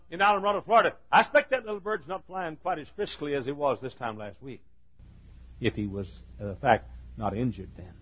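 A man preaching an impassioned sermon to a large congregation, dropping to a hush and rising to shouts, on a dull lo-fi recording. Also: sits high, husky. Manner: impassioned, swinging from hushed to shouting.

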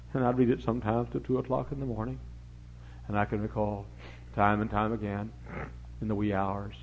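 Preacher guy, middle-aged, wanders off track then booms out, lowish voice, dull old tape w/ faint hum. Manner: rambling, digressive anecdotes with sudden loud emphatic rises. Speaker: pastor. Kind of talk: folksy storytelling sermon. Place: church service before a congregation.

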